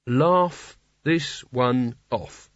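A man's voice: medium pitch, extremely slow, dry recording. A man voicing a nervous, cowardly male wizard with a plaintive tone in an audiobook. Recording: dull dry audiobook recording.

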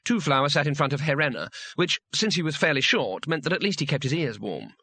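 A man's voice: on the high side, very animated, a little fast, bright, forceful tone, breathy edge, no room sound. A man narrating a comic fantasy audiobook in a dry, wry storytelling manner.

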